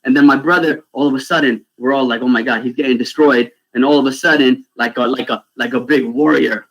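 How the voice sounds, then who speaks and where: A man from Pakistan, telling stories to children in an animated way over a video call and often asking "right?". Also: mid-range voice, fairly quick, highs cut off. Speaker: youth speaker. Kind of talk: storytelling talk for children.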